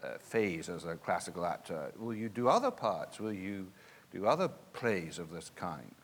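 A man's voice: low voice, big pitch swings, normal speed, husky. A man interviewing a guest on stage at a live theatre event, asking curious, prompting questions.

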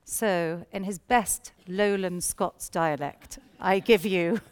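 A woman presenting a poetry programme, giving scripted introductions to each poem in an expressive storytelling tone. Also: fairly low pitch, slow pace, clean tone.

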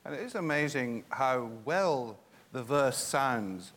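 A man's voice: medium pitch, animated, takes it slowly, fairly bright tone, in a large hall. A man interviewing an actor, asking curious, probing questions.

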